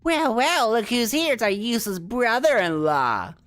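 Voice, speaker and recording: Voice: mid-range voice, sing-song, moderate pace, a bit bright, no room sound, pitched above the performer's own voice. A streamer putting on a mocking, taunting bully voice for a character in a video game. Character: sneering bully brother-in-law.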